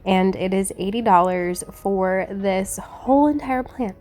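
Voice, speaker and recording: A woman's voice: medium pitch, a little slow, darkish tone. A young woman chatting casually as a plant vlogger, giggly and filling her talk with "like", with faint music playing behind her. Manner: upbeat voice-over narration. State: slightly out of breath. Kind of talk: casual vlog chat. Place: inside a parked car; voice-over booth, not on location.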